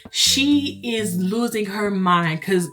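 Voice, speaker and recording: Animated young woman telling a story. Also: mid-range voice, takes it slowly. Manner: animated, chatty, laughs often, playacts others' voices. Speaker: vlogger. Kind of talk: casual storytelling to viewers.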